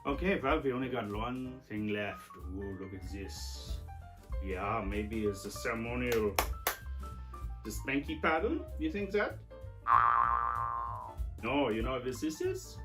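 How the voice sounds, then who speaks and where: Actor doing a hammy eccentric with a fake German accent, swooping wildly up and down; faint music under. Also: male voice, medium pitch, lively intonation, takes it slowly, pauses often. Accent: put-on German. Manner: hammy, theatrical, scolds a doll. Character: eccentric man showing odd old gadgets. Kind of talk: comic sketch character.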